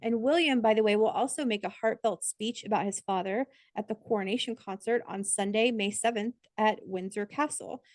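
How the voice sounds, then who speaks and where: A woman's voice: mid-range voice, moderate pace, few pauses, darkish tone, dry recording. A woman co-hosting a podcast, talking in a chatty, earnest way with plenty of "like" fillers. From United States. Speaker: podcast co-host. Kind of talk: casual podcast chat.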